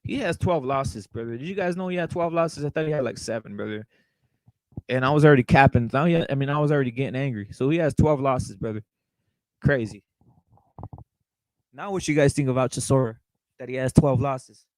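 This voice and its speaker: Hosting a relaxed fight-talk livestream, a young man speaks briskly in a mid-pitched voice close to a dry mic. He's blunt and profane, keeps circling back to the same phrases, calls the audience brother, and answers live chat comments. The recording is dry and low-quality.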